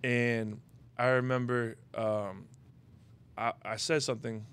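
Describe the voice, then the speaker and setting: A man's voice: medium pitch, little pitch movement, slow, a bit bright, clear, resonant tone. A young man hosting a podcast, telling personal stories in a loose, rambling way, full of "you know what I mean" and casual swearing. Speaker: podcast host. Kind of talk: casual chat, personal storytelling.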